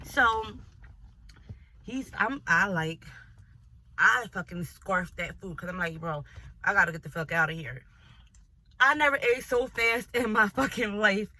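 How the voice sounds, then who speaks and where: A young woman vlogger telling a dating story in a casual, animated and profane way, often breaking into laughter. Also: on the high side, a little slow. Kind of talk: storytime vlog.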